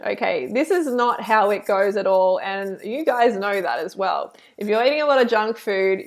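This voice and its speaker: A woman reacting to a video and reading her live chat, animated and preachy, full of "like" and "you know". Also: medium pitch. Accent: Australian. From Australia.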